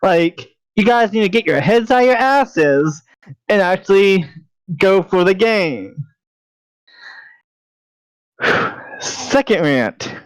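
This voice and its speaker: A man's voice: high voice, big pitch swings, slow pace, pauses often, clean tone, no echo, rough recording. A man co-hosting a podcast, ranting in an exasperated way, swearing and leaning on "like". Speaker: podcast co-host. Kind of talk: profane ranting podcast chat.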